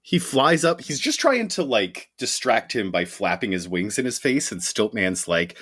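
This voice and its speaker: A man's voice: on the low side, sing-song, normal speed, fairly bright tone, slightly rough, no echo, clean studio sound. A tired, sardonic man co-hosting a comic book podcast, exasperated and laughing as he complains. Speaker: podcast co-host.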